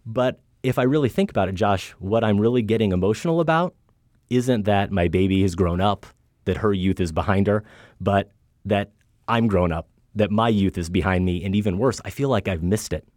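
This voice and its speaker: Earnest, reflective low-voiced man. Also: moderate pace, a little mellow, dry recording, studio quality. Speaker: podcast co-host. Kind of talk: casual film discussion.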